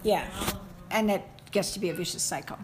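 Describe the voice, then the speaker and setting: A woman giving casual, folksy advice to a caller, animated and emphatic, often laughing as she talks. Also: mid-range voice, a little fast, slight background noise. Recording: echoey room with faint ambience.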